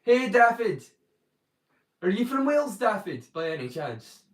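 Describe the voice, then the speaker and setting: On a live stream, a watchalong host with a Doric accent from northeast Scotland chats jokily with viewers and greets them by name. His voice sits high and is very animated yet unhurried. The audio is roomy, with him far from the mic.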